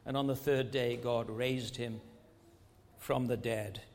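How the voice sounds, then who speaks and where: A man's voice: medium pitch, fairly even intonation, slow pace, creaky, a little mellow, big-room sound. A man preaching a sermon with emphatic delivery, rising and falling and asking his listeners many rhetorical questions.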